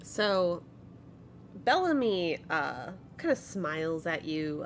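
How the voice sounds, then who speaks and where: A woman's voice: low-pitched, expressive, takes it slowly, creaky, background noise. A woman narrating a tabletop game as game master, hesitant with many fillers.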